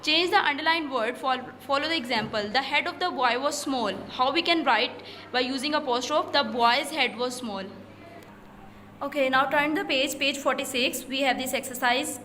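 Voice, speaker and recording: A high-pitched woman with a Pakistani English accent works through a school English lesson. She reads each example sentence slowly and carefully, then slips into Hindi-Urdu to explain it. Her voice rings out in a roomy, echoey space with a faint hiss underneath. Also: bright, forceful tone. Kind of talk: recorded classroom lesson explaining exercises. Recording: echoey room, faint noise.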